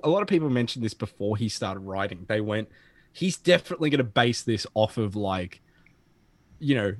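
A man chatting on a comic book podcast, his pitch swinging widely as he rants and laughs. The sound is dry and close, with little room around it. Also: no echo. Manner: animated, swearing, laughs often. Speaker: podcast co-host. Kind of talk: casual chat.

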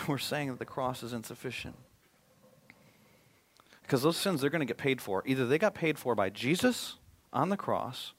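With a mid-range voice, a male pastor preaches a sermon that swings between loud, emphatic appeals and a hushed, prayerful tone.

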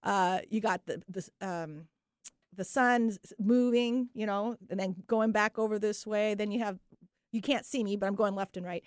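A woman's voice: medium pitch, steady tone, moderate pace, clean tone, no room sound, studio quality. A woman hosting a radio talk show, chatting with enthusiasm and laughing often. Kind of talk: casual radio chat.

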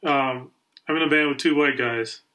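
Heard through a rough recording, a man's medium-pitched voice moves at normal speed. As a podcast co-host, he's an animated storyteller, casually relating a long story and imitating the people he quotes.

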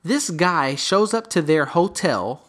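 A man's voice: on the high side, animated, slow, fairly bright tone. A man casually telling a long story to a friend, acting out the people in it.

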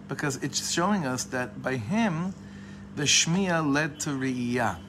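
A man teaching a casual religious class in a voice of ordinary middle pitch. He wanders from thought to thought, cuts himself off, and circles back to lean on a key phrase slowly. A faint hiss of noise sits under the voice. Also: lively intonation. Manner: discursive, often restarts and corrects himself; leans on a phrase by repeating it slowly. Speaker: Torah teacher. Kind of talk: informal Torah class.

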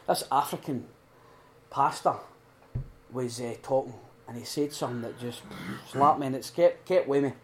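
A man's voice: mid-range voice, normal speed, a little hiss or hum. Earnest man preaching at a retreat. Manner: earnest and heartfelt, swinging from loud emphasis to hushed prayer. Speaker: speaker at a recovery retreat. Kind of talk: informal sermon talk.

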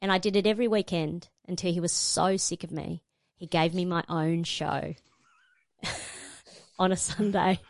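A middle-aged woman spins a lively story as a guest, jumping into voices for the people she quotes. Her voice sits a little low for a woman and sounds dry and close, with no room around it. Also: measured pace, pauses often, no echo. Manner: animated storyteller acting out quotes. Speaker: guest, radio presenter. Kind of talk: storytelling in a panel conversation.

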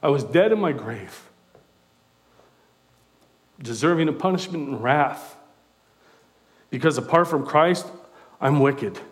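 A man preaching a sermon in a conversational, animated way, with self-deprecating asides. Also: on the high side, slow pace, long pauses.

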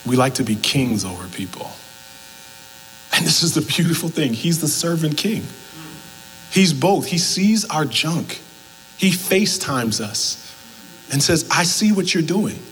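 A man's voice: fairly high pitch, measured pace, pauses often, long reverb tail, a little hiss or hum, rough recording. A man preaching a sermon as pastor, telling stories and acting out both sides of conversations. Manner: animated storytelling, acts out both sides of conversations.

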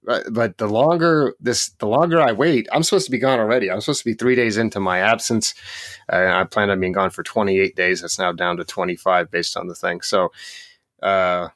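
A man co-hosting a podcast in casual chat, opinionated and ranting with quick jokes. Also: fairly low pitch, fairly even intonation, fairly bright tone, no room sound, studio quality. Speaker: podcast co-host.

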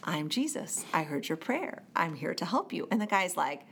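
A woman's voice: fairly low pitch, normal speed, vocal fry, a little hiss or hum. A woman in casual podcast conversation who tells stories with energy and acts out the voices of the people in them. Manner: animated storyteller, acts out quoted voices. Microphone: studio microphone.

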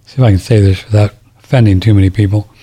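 A man's voice: on the low side, fairly even intonation, fast, mellow, slightly rough. A middle-aged man hosting a talk radio show, rambling and indignant, often restarting his sentences. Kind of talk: casual talk radio monologue.

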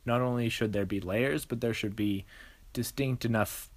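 Brief: podcast co-host, woman with a very low voice, measured and explanatory, dry close sound. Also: no echo. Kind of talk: casual chat.

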